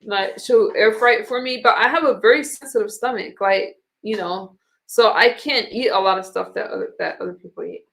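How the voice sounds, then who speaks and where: A woman's voice: medium pitch, brisk, creaky, a bit bright. A woman hosting a live stream, chatting casually in a rambling way and laughing easily. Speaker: streamer host.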